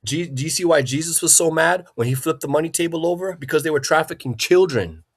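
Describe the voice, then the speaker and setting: A man's voice: on the high side, quick pace, husky. A man hosting a livestream, ranting in an agitated, profane way and often repeating himself. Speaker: livestream host. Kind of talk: angry livestream rant.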